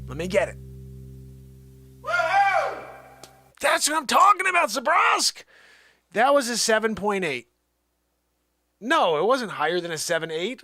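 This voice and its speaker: Hyped-up joking male host, bright voice. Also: dry recording, studio quality. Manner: playful, jokey, swings from loud hype to low mutters. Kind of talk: comedic live-stream banter.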